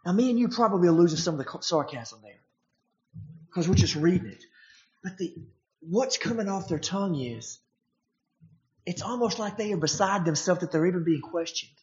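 A preacher giving a sermon in a conversational, animated manner, often restarting phrases and jumping up in pitch to act out the voices in the passage. The voice sits in a middle register. The recording is dull and lo-fi. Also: normal speed, long pauses. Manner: animated, acts out the quoted voices in a higher pitch.

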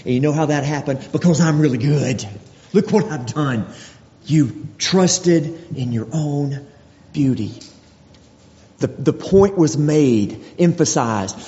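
A man's voice: mid-range voice, unhurried, pauses often, mellow. A man preaching a sermon, reading scripture verse by verse and voicing God's words with mounting intensity. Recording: dull recording with long hall reverb.

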